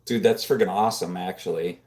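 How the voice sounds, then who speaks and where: A man hosting a casual livestream from a home room, rambling and filling his talk with "dude" and "like," close on a boom-mounted microphone. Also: a little fast, darkish tone. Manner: rambling, filler-heavy, says "dude" and "like" a lot. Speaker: livestream host. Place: home room full of computer monitors.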